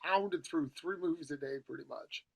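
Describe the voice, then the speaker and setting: A man's voice: fairly high pitch, moderate pace, vocal fry, breathy edge, low-quality recording. A middle-aged man hosting a podcast in casual chat, rambling and chatty as he jumps from one topic to the next. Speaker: podcast host.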